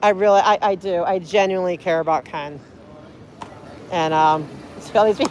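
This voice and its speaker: A woman's voice: mid-range voice, moderate pace, darkish tone. A woman livestreaming outdoors on a city street, talking in an earnest, pleading, rambling way. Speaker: livestreaming auditor.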